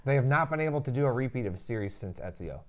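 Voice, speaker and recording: A man's voice: medium pitch, lively intonation, racing. A young man co-hosting a casual gaming and tech live stream, joking and rambling. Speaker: stream co-host.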